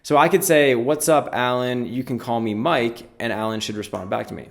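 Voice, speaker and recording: A male programming instructor with a medium-pitched voice talks through a coding tutorial. His delivery is relaxed and conversational. He explains each step aloud as he works. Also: moderate pace, creaky. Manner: casual, explanatory, walks through steps aloud. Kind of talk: screen-recorded coding tutorial.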